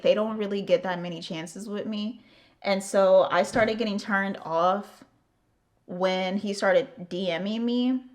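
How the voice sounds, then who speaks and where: A young American woman telling a storytime to her channel in casual, candid talk, heavy on fillers and swearing. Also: mid-range voice. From United States. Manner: candid, profane, lots of "like" fillers. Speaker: vlogger.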